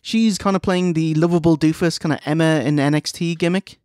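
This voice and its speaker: A man's voice: fairly high pitch, fairly even intonation, darkish tone, no echo. Male co-host, wry and chatty, dry recording. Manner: wry, recaps with quick asides and laughs. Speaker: podcast co-host. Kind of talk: casual wrestling review chat.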